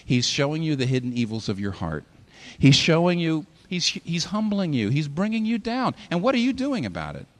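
A pastor preaching a sermon in a hall, with animated delivery that rises and falls sharply for emphasis. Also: male voice, a little high, moderate pace.

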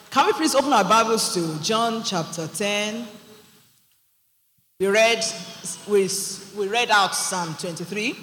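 Nigerian woman pastor, bright and forceful, emphatic preaching style, reverberant church hall recording. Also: mid-range voice. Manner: fervent, emphatic preaching with frequent hallelujahs. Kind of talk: sermon. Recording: echoey hall with faint background noise.

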